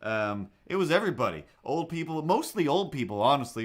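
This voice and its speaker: A man hosting a livestream who tells a story casually and animatedly, acting out his own thoughts and other people in a higher voice. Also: very animated, fast, hardly any pauses. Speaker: livestream host. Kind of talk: casual storytelling while drawing.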